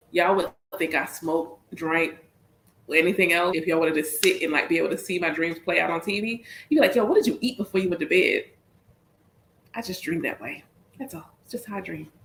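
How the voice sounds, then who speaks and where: A woman's voice: low voice, vocal fry, fairly bright tone, a little hiss or hum. Chatty Southern woman in a roomy echo. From Southern United States. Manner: chatty, repeats herself, calls listeners y'all. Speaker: astrology and spiritual reader. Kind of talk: casual livestream chat.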